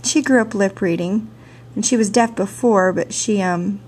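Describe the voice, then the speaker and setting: A woman who teaches sign language and theater, telling a personal story in a lively, chatty way full of "you know", recorded on a camcorder mic. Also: medium pitch, moderate pace, breathy edge. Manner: animated, chatty, laughs often, many "you know" fillers. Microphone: handheld camcorder mic.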